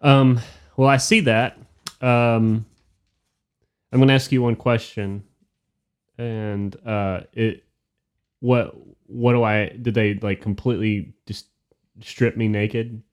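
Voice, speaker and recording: A man's voice: lowish voice, level tone, slow pace, pauses often. A man playing a tabletop game, talking hesitantly with many fillers and reading out spell rules. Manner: hesitant, filler-heavy, reads rules aloud. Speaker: player. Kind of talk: casual tabletop game chat.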